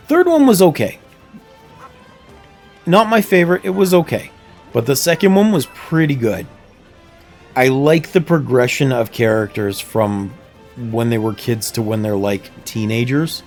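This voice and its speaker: A man talking casually on a livestream while he plays a game. His voice sits at an average pitch, and he rambles in a chatty, easygoing way with a laugh now and then. He is close on a desk mic at home, with faint game music underneath. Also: darkish tone. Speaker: streamer. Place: home room near plumbing. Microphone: desk microphone.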